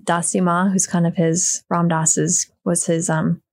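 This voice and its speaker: Woman, middle-aged, low gravelly voice, dry close sound, animated storyteller. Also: measured pace, dry recording. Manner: lively storyteller, acts out quoted voices. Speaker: podcast guest, yoga teacher and therapist. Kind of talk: storytelling in casual conversation.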